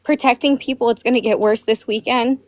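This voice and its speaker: A woman calling in to a talk show, upset and near tears, speaking urgently in halting phrases. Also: a little high, fairly even intonation. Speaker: caller. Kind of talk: phone-in call. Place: North Carolina.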